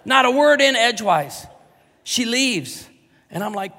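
Animated pastor with hall echo. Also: male voice, normal speed. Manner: animated, jokey, big swings in volume and pitch. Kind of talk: storytelling sermon. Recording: large hall reverb.

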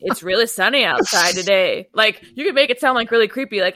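A woman co-hosting a casual podcast, animated and profane, quoting movies and shows. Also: mid-range voice, a little fast, few pauses, dry recording. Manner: animated, quotes movies, swears. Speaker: podcast co-host. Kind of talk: casual chat.

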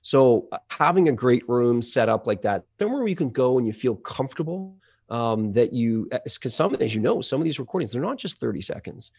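A man's voice: medium pitch, big pitch swings, brisk, darkish tone, slightly rough, dry recording. Rambling man, dry close sound. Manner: rambling, many fillers and restarts. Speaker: audio engineer and voice-over company representative. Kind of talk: conversational podcast interview.

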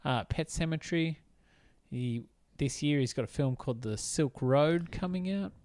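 Man, podcast co-host, middle pitch, dry close mic, eager and chatty. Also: normal speed, darkish tone, no echo. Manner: chatty and enthusiastic, many fillers. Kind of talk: casual film discussion.

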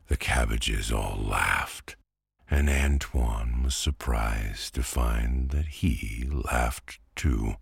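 A man narrating a bedtime story with a very deep, gravelly, breathy voice. He reads slowly and gently, recorded close and dry. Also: no room sound. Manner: gentle, soft-spoken.

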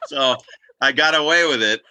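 An older man from Boston telling stories in a casual chat, animated and slipping into voices as he recounts events. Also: mid-range voice, moderate pace, clean tone, rough recording. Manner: animated storyteller, slips into voices. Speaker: podcast guest.

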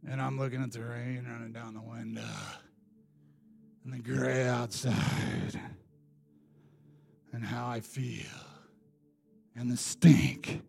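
In a sermon, a man preaches his personal testimony, animated and self-deprecating, laughing at himself and swinging between loud bursts and hushed asides. His mid-range voice is slow and creaky, with long pauses.

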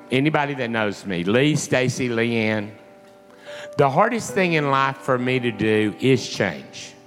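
A man preaching a sermon, telling an emotional story in an animated way. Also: mid-range voice, in a large hall. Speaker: pastor.

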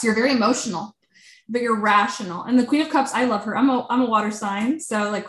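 A woman giving a casual tarot reading, chatty and animated, often saying "like". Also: medium pitch, reverberant. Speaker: tarot reader.

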